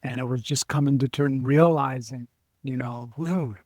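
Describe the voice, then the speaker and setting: Recorded dry, this middle-aged man's mid-range voice carries animated stories told as a guest on an interview show. A writer and adventurer, he acts out other people's words, his speech marked by halting restarts, in a casual storytelling interview.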